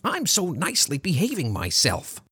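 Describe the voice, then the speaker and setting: A reader voicing a timid, flustered young man in love who speaks in a squeaky, hesitant way. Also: huge pitch swings, normal speed, pushed and bright, breathy edge, no echo, clean studio sound, full character voice. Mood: mock-fearful.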